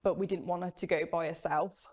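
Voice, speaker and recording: Young woman talking through her past, lowish voice, open and steady. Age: young adult. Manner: candid, measured storytelling with rueful laughs. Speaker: former Jehovah's Witness sharing her story. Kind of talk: personal testimony.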